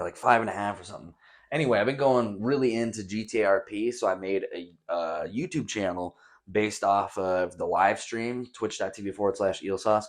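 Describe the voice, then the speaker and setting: Young male podcast host, lowish voice, loose profane rambling, bare echoey bedroom, mic set back. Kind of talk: casual solo rambling chat. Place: nearly empty echoey bedroom. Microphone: camera set on a stack of drawers some distance away.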